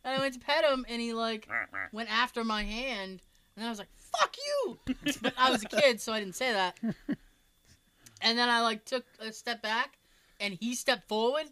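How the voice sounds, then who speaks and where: Young woman co-host, bright edge, animated and salty in casual chat. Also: on the high side, moderate pace, dry recording. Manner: animated, swearing storyteller.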